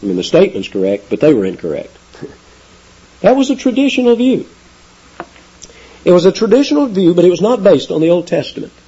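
A man preaching a sermon with emphatic delivery, rising high on key words. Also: very animated, fairly quick, long pauses, mellow, husky. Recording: dull lo-fi sound.

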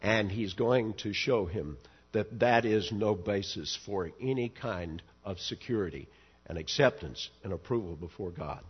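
Husky, emphatic male preacher, slow delivery. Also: lowish voice, muffled recording. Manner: earnest, emphatic, rising to stress key words. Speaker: pastor. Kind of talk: expository sermon.

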